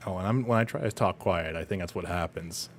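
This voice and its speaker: A man's voice: deep voice, brisk, slight background noise. A man streaming a shooter game, chatting casually and teasing his co-player. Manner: playful, teasing banter. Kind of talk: casual gaming chat.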